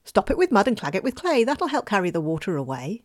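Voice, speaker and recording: A woman voicing a small kindly talking bird in a storybook tale, speaking in a gentle, sing-song way. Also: medium pitch, huge pitch swings, fast. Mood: chanting.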